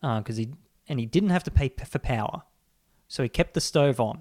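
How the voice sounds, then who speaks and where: A man hosting a podcast, telling rambling, animated stories and swearing freely. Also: medium pitch, fairly quick, no echo, studio quality. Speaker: podcast host. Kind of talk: casual comedic chat.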